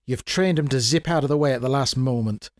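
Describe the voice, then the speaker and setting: A man's voice: mid-range voice, a little fast, no room sound, studio quality, lightly acted. A man voicing a shrewd, sly old woman who talks in a folksy, blunt, knowing way. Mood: menacing. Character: shrewd old woman, sly, tough-talking, feigns frailty.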